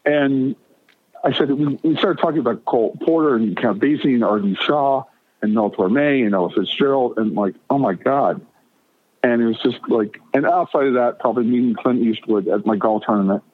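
A man's voice: medium pitch, moderate pace, no echo. A middle-aged man telling long stories in a casual chat, full of stammered restarts and quotes he acts out. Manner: rambling, stammering restarts, animated retelling of quotes. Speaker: guest. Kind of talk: casual storytelling. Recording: tinny phone line.

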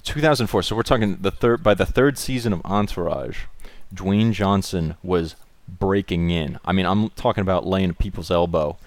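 Deep voiced guy joking around in a casual chat, totally dry mic, no room sound. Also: normal speed, few pauses, dry recording. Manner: joking, rambling, does goofy impressions.

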